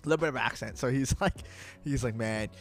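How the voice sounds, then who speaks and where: A man's voice: medium pitch, fast talker, faint music behind. A young man from Ontario in casual chat, telling stories animatedly, acting out quotes and laughing often. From Ontario, Canada.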